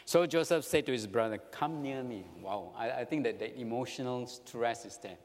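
Singaporean preacher in an echoing hall. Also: male voice, mid-range voice, fairly quick. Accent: Singaporean English. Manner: animated, rhetorical questions to listeners. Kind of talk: sermon. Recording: long reverb of a hall.

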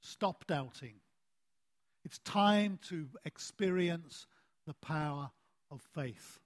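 Male preacher, high voice, unhurried sermon delivery; stresses key words and lets phrase endings drop soft, lifts his voice when he tells a story. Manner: deliberate, with emphatic phrase endings that fall soft; animated storytelling with a rising voice.

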